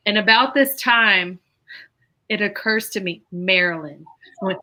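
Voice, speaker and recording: A woman's voice: medium pitch, unhurried, pushed and bright, low-quality recording. A woman, co-hosting a podcast and telling a story in casual chat, acting out the voices of the people in it. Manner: acts out quoted voices, laughs often. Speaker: podcast co-host.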